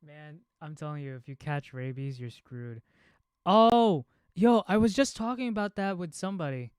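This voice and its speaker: A man's voice: a little high, expressive, normal speed, smooth, no echo, clean studio sound. A young man from America chatting casually and rambling through asides while reacting to a video on stream. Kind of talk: casual live reaction chat.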